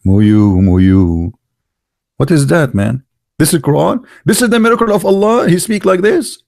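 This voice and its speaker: A man with a somewhat high voice gives sarcastic, incredulous commentary in English, which is his second language. He sounds close to the mic, and the sound is dry. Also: animated, a little fast, gravelly, dry recording. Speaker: online religion critic. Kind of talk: mocking commentary on a text.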